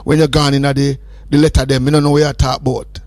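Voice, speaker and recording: A man's voice: mid-range voice, little pitch movement, quick pace, darkish tone, no echo. A man hosting a radio call-in show, joking and teasing his caller in a playful, sing-song way. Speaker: radio host. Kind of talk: casual call-in chat.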